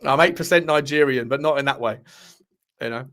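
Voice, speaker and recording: A man's voice: mid-range voice, a little fast, fairly bright tone, a little hiss or hum. A man hosting a casual live chat, rambling, bantering with viewers and laughing often. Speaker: livestream host reading chat.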